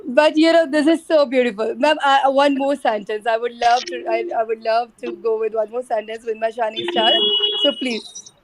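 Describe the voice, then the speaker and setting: A woman hosting the class, talking effusively and haltingly with many restarts. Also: on the high side, steady tone, a little hiss or hum, low-quality recording. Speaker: class organizer. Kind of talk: casual remarks to a class.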